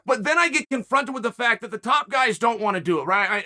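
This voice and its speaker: The host of this commentary show has a very high-pitched, expressive voice that's bright and forceful, and he talks fairly quickly. Emphatic throughout, he fills his animated solo rant with rhetorical challenges to the audience.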